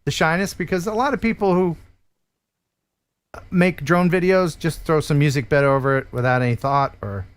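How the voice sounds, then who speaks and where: A man's voice: normal speed, smooth. Chatty, upbeat male livestream host. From United States. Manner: chatty, joking, enthusiastic pitchman. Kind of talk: casual livestream chat and sponsor reads.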